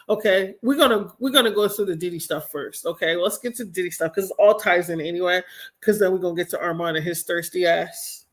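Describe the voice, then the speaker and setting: A woman's voice: mid-range voice, a bit bright. A young woman hosting a casual live-stream commentary show, chatty and exasperated, with slangy asides to her viewers.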